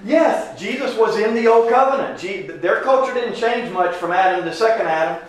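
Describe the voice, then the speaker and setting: A man's voice: high voice, normal speed. A man teaching an informal Bible class, talking casually and putting questions to his listeners. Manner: conversational, asks the class questions. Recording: very echoey room from a distance.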